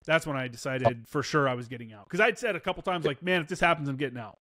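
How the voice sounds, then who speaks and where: Animated man telling stories, dry close mic. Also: medium pitch, fast, no room sound. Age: 30s. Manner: animated, swears freely, acts out quoted dialogue. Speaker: guest, former Marine. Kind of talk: casual storytelling in an interview.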